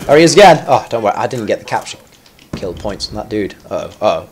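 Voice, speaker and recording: A man's voice: fairly low pitch, sing-song, fast, a little hiss or hum. A man giving live commentary over his own gameplay. He chats in a self-mocking way, then yelps and squeals at sudden moments. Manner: chatty and self-mocking between fights.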